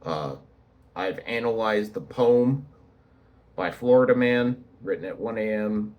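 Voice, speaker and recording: Slow-talking, sarcastic young man. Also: fairly low pitch, muffled recording. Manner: rambling, sarcastic, many restarts. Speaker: YouTuber. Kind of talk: casual talking-head commentary.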